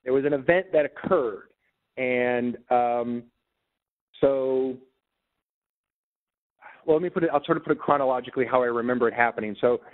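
Halting man on a tinny phone line. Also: mid-range voice. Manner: halting, many fillers and restarts. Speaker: interview guest. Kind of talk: casual storytelling. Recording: tinny phone-like call audio.

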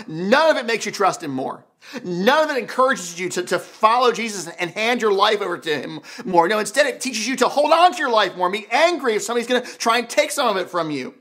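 A pastor preaching a sermon in an animated, conversational way, full of rhetorical questions. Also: male voice, high voice. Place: church.

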